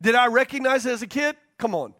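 A pastor teaching a sermon, stressing key points by repeating them and checking in with the congregation. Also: male voice, very high-pitched, fast, a bit bright.

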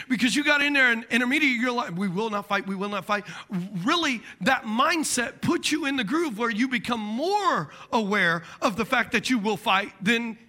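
With a very high voice, a middle-aged man preaches as a pastor. He's animated and jokey, voicing the characters he quotes and dropping into mumbled asides.

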